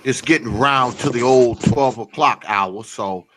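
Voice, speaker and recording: A man hosting a live discussion stream, wrapping up in a relaxed, joking way. His voice is mid-pitched and casual. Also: measured pace, slight background noise. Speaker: host.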